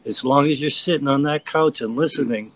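An earnest man with a mid-range voice, starting haltingly, then pressing listeners to join in. His delivery is plain and urgent, like a volunteer speaking up. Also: medium pitch, low-quality recording. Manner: earnest, hesitant starts, urging. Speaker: volunteer guest. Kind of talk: exhorting testimony.

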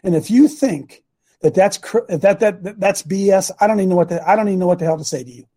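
A man's voice: high voice, fast, warm tone. A man preaching informally to a congregation, blunt and combative, mocking his critics and throwing asides to the room.

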